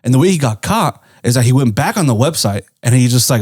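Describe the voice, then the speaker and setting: A man's voice: mid-range voice, animated, fast, hardly any pauses, darkish tone, no echo, studio quality. A man co-hosting a podcast, casually retelling a story in a rambling way with lots of swearing and "right?" tags. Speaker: podcast co-host. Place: indoor podcast studio.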